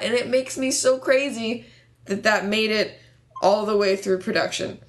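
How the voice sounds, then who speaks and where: A young woman co-hosting a casual chat, animated and laughing often, ranting with passion. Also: mid-range voice, unhurried.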